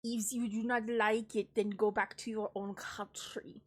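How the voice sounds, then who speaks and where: A woman's voice: mid-range voice, little pitch movement, slow pace, mellow. A congested woman mocking a sneering French local who scolds immigrants, in a put-on accent that slips toward Russian. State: congested with a cold.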